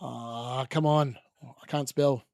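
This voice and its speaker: A man's voice: mid-range voice, steady tone, takes it slowly, creaky, darkish tone, no room sound, clean studio sound. A young man hosting a casual live football watchalong from a room at home, chatting and rambling as he reacts to the match. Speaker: watchalong host.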